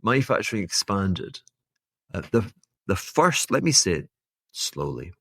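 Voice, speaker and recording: Deep-voiced man rambling through market commentary. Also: sing-song, unhurried, pauses often, sharp tone, dry recording, studio quality. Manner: rambling, wry and self-mocking, with laughing asides. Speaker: podcast host. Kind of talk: solo market commentary monologue.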